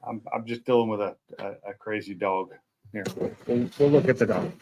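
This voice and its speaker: A man's voice: on the low side, moderate pace, a little mellow, highs cut off, a little hiss or hum. A man chatting casually with viewers on his live stream from home, rambling and poking fun at himself. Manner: rambling, chatty, self-deprecating. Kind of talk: casual chat. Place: at home at night.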